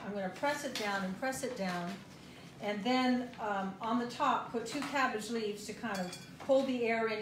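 A fairly high-voiced woman talks through a cooking demonstration in a chatty, rambling way. She is recorded in an echoey home kitchen with dishes and cutlery clinking around her. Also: noisy background. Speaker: host.

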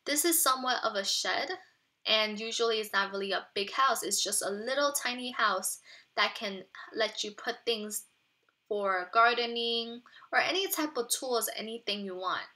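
Give me a woman teacher with a bright, slightly high voice, patiently explaining words in a children's read-aloud lesson. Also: normal speed.

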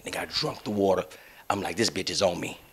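A man's voice: low voice, quick pace, fairly bright tone, husky. A young adult man hosting a podcast. He tells a long story in loose, profane, laughing chat and acts out the other people's lines. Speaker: podcast host.

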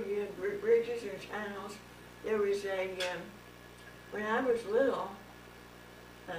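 A woman with a Pittsburgh accent chatting casually with family, often pausing to search for words. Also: medium pitch. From Pittsburgh, USA. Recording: echoey room, distant mic, hiss.

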